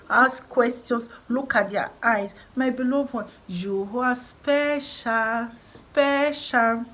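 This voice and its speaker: A Nigerian woman of middle age speaks straight to her viewers with a voice of middling pitch. She presses each point home, repeating herself like a preacher addressing a flock. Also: a bit bright, rough recording. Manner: emphatic, repetitive, preaching tone. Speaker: vlogger. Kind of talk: encouraging vlog talk.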